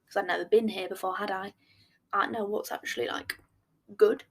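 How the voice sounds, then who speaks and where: A young woman hosting a podcast, telling a date storytime in a blunt, animated way with swearing and acted-out dialogue. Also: mid-range voice, fairly quick. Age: young adult. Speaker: podcast host.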